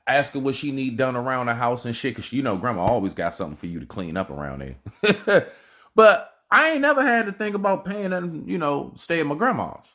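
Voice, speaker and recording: A man's voice: mid-range voice, very animated, a little fast, a bit bright. A man hosting a reaction video, giving casual, slangy commentary and swearing freely.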